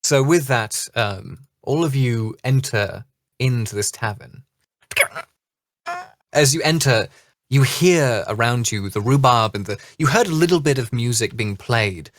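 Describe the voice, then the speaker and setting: A man's voice: medium pitch, lively intonation, measured pace, no room sound. A man narrating a tabletop game as dungeon master in a loose, chatty way with fillers.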